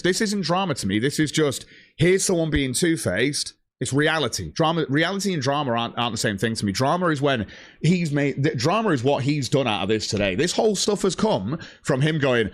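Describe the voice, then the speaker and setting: A man's voice: medium pitch, animated, brisk, no room sound, clean studio sound. A man ranting on a livestream, blunt and heavily profane, reading out chat messages. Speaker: streamer.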